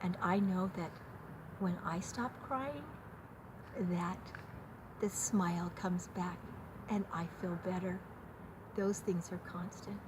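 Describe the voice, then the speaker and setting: An older woman hosting a gentle talk to her grandchildren, speaking tenderly in simple words for small children. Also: mid-range voice, slow pace. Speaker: host. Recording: steady background noise.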